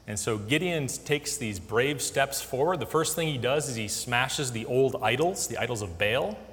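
A man's voice: mid-range voice, lively intonation, moderate pace, fairly bright tone. A man giving a casual Bible lesson, conversational, with many fillers and restarts. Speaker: Bible teacher. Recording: long hall reverb.

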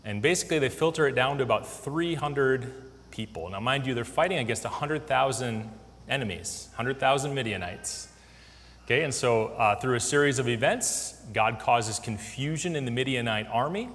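Man, casual bible teaching, chatty with restarts, mid pitch, long hall reverb. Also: lively intonation, normal speed, fairly bright tone. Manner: conversational, many fillers and restarts.

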